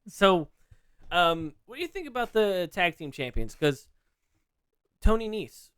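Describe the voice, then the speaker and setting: Podcast guy chatting, gets animated, laughs a lot, smooth clear voice, dry close sound. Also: sits high, unhurried, dry recording. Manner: animated, laughs often, restarts sentences. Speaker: podcast co-host. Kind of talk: casual chat.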